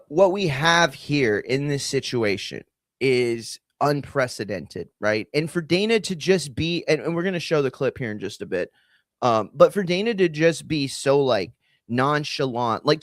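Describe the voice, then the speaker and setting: A combat sports podcast host delivers a casual opinion rant, heated, profane and rambling, full of fillers. His voice is a little high with big pitch swings, and he talks a little slowly on a dry recording.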